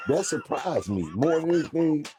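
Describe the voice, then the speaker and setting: A man's voice: fairly high pitch, huge pitch swings, normal speed, background noise. A man, a comedian guest, telling rambling comic stories in casual chat and acting out little voices along the way.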